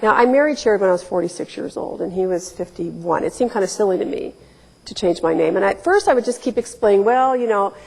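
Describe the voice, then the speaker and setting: Talking fast with vocal fry and a slightly mellow mid-range tone, this forties-aged Ohio woman tells candid stories at a public talk. Her wry delivery includes emphatic quoted asides, and the hall adds noticeable reverb.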